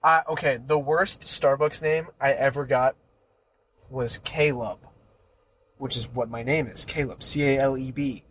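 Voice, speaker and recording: A man's voice: mid-range voice, fairly even intonation, unhurried, a bit bright, breathy edge, rough recording. A young man, a podcast guest, joking and bantering in casual chat. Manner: joking, reacts with laughs and banter.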